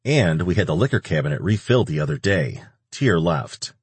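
A man's voice: deep voice, sing-song, brisk, slightly rough, no room sound, full character voice. A man voicing a cheerful, playful male angel who teases his friend. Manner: teasing and upbeat.

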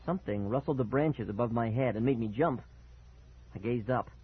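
A man reading a first-person story aloud with expressive, dramatic delivery and a husky voice. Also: mid-range voice, moderate pace. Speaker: audiobook narrator. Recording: tinny phone-like sound.

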